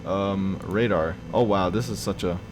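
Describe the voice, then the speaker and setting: A man's voice: sits low, a little slow. Young man, casual game commentary, jumpy reactions, many fillers, faint music. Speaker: gaming YouTuber. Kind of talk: casual let's-play commentary.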